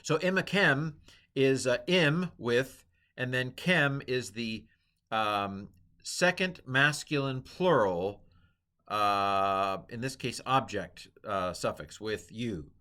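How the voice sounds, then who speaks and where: A middle-aged teacher gives an informal, chatty lecture on Hebrew grammar, padding his explanations with fillers and asides. His voice is medium in pitch, sharp in tone, and slow.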